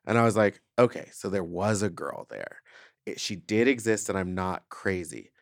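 A man co-hosting a podcast, telling a story in casual chat, full of "like" and animated retelling, into a studio mic. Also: deep voice, normal speed, gravelly, no echo. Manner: chatty, peppered with "like", animated retelling. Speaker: podcast co-host.

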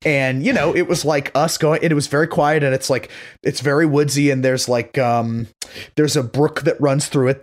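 A man from Massachusetts chatting casually. He rambles and leans on "like", with casual swearing. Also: mid-range voice. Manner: rambling, filler-heavy, casually profane. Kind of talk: casual chat.

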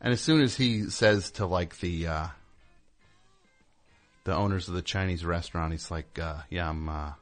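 A man from New Jersey hosting a comic call-in radio show, telling rambling stories with deadpan sarcasm. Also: sits low, normal speed, long pauses, soft background music.

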